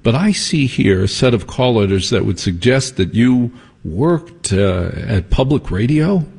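A man hosting a talk radio show, teasing his guest with quick jokes and asides. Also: medium pitch, expressive, creaky, darkish tone, husky. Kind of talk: casual talk radio chat.

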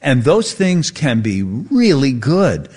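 A man's voice: mid-range voice, very animated, slow pace, darkish tone, slightly rough. Chatty male radio host telling a story. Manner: storytelling, mimics voices for effect. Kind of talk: casual radio chat. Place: radio studio.

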